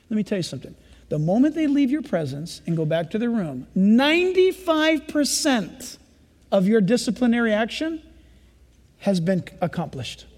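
A male pastor preaching a sermon in an animated style, acting out parents and children as he goes. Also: high-pitched, normal speed, big-room sound.

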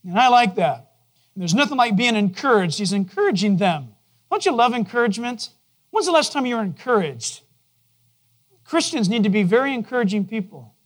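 A man preaching a sermon to his congregation in a conversational way, asking them questions and dropping to a soft, low voice for gentle moments. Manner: drops to a soft, low voice to quote God gently. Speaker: pastor. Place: church.

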